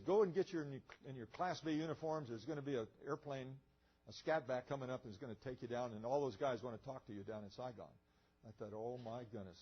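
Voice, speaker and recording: A man's voice: medium pitch, husky, lo-fi sound. An older man, a retired pilot, telling a story in a museum lecture. He acts out the dialogue and often chuckles. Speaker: guest speaker, retired pilot.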